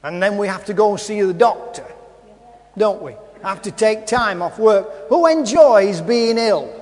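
Man, preacher, sermon, very high voice, long hall echo, repetitive, asks rhetorical questions. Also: steady tone, normal speed.

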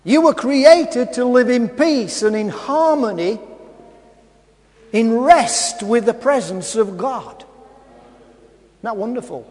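A man with a very high voice preaches at an unhurried, deliberate pace. He keeps repeating his phrases and putting questions to the congregation. The sound rings with the long reverb of a large hall. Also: a little mellow. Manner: repetitive, asks the congregation rhetorical questions. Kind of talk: sermon.

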